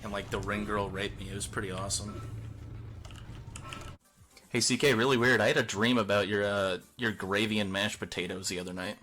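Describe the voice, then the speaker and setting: A man's voice: fairly low pitch, fairly even intonation, fairly quick, pauses often, pushed and bright, a little hiss or hum. A young man streaming, telling rambling crude stories to his chat, laughing often and trailing off. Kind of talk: rambling casual storytelling to a live chat.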